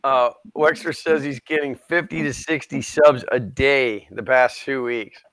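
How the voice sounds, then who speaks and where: A man's voice: mid-range voice, steady tone, unhurried, fairly bright tone, no echo. A man from Minnesota co-hosting a livestream, a chatty storyteller in casual chat. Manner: chatty storyteller, laughs easily. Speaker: co-host of a livestream.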